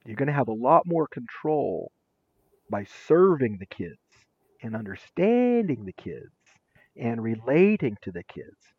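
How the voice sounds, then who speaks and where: A man speaking as an interview guest, telling stories with lively acted-out quotes. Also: medium pitch, a little slow, breathy edge, no echo, narrow, tinny audio. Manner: lively, acts out quotes with shifting voices. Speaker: interview guest, former teacher and administrator. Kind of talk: animated storytelling.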